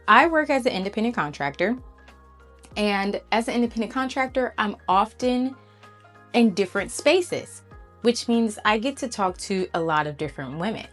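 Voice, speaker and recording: Animated woman telling a story. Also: mid-range voice. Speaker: vlogger. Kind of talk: casual storytelling.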